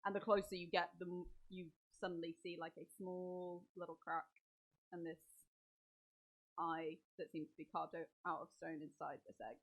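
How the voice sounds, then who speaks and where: A woman's voice: fairly low pitch, level tone, moderate pace, poor audio. Woman narrating as dungeon master. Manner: narrates the scene, then questions players in character. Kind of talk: narrating a tabletop game.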